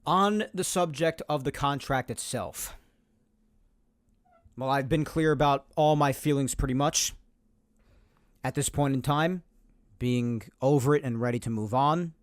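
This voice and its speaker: A man's voice: mid-range voice, unhurried, pauses often, dry recording, studio quality. A man hosting a solo sports podcast, making his points emphatically and repeating them to drive them home. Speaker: podcast host. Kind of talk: opinionated solo sports talk.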